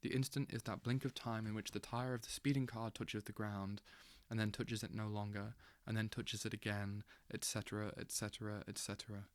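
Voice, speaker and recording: Man, audiobook narration, intense dramatic reading, low voice, monotone, dry close mic. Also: fairly quick, hardly any pauses, dry recording. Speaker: audiobook reader.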